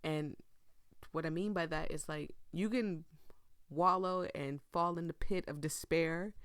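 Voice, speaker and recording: Brief: female streamer, unhurried, reflective and chatty gameplay commentary. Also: on the low side, vocal fry, dry recording, clean studio sound. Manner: reflective, chatty, talks to viewers.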